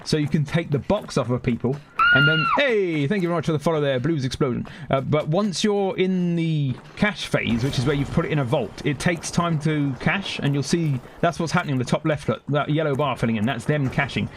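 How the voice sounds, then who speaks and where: A man's voice: on the high side, a little fast, few pauses, slight background noise. A man with a London accent, chatting casually to his viewers while playing a game live, rambling between topics. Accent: London English. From Britain. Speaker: game streamer. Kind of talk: live gaming stream chatter.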